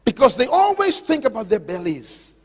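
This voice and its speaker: A man's voice: wildly swooping pitch, husky. Impassioned male preacher in an echoing hall. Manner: impassioned, emphatic, swings from loud declarations to low slow drawn-out words; addresses listeners directly with questions. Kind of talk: sermon. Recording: long hall reverb.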